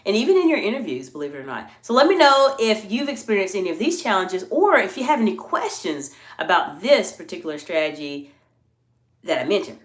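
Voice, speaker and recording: A woman coach on a live stream, explaining meeting skills in a lively, polite voice that rises and dips often. Her pitch sits in the middle range. The room gives her a noticeable echo. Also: a little fast. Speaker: executive communication coach. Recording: roomy echo.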